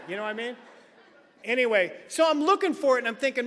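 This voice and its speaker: A man speaking as a recovery meeting speaker, telling a story in an animated, comic, colloquial way. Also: extremely high pitch, quick pace. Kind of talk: storytelling talk. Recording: long hall reverb.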